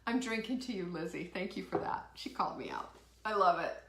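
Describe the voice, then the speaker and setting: A woman's voice: lowish voice, animated, fairly quick, fairly bright tone, reverberant, slight background noise. A woman hosting a live motivational talk show, fired up and emphatic, firing rhetorical questions and reading out viewer comments. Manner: reads out viewer comments and laughs. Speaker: host.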